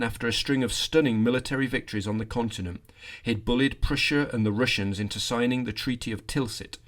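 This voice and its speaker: A man hosting a history podcast, narrating a scripted story with lively delivery and wry asides. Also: on the low side.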